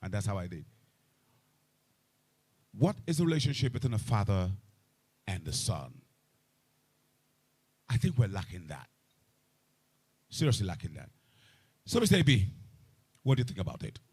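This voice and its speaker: A man moderating a live panel, emphatic and repetitive, growing loud and animated, speaking into a microphone. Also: lowish voice, normal speed, long pauses, husky. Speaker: event moderator. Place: event hall with a microphone. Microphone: handheld event microphone.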